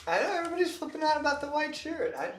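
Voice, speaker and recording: A man co-hosting a live gemstone show, offering relaxed, quiet asides and banter. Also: very high-pitched, rapid-fire. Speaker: co-host of a gemstone sales show. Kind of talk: casual on-air banter. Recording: roomy studio sound with faint hiss.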